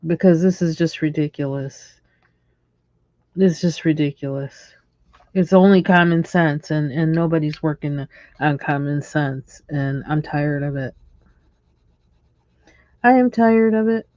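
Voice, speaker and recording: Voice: medium pitch, little pitch movement, a little slow, a little mellow, dry recording, lo-fi sound. A livestream host ranting casually and in exasperation while coloring, chuckling between lines.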